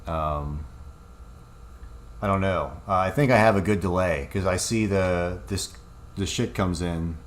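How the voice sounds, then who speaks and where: A man's voice: deep voice, unhurried, long pauses. A man livestreaming, talking casually in a heated, profane ramble full of fillers, into a desk microphone.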